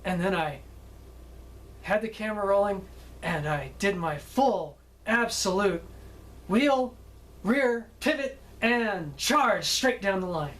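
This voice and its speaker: A man's voice: high-pitched, expressive, takes it slowly, a bit bright, rough recording. Chatty man telling film-set stories. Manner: chatty, keeps adding "okay?", laughs at his own stories. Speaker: film director. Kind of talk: anecdotal storytelling.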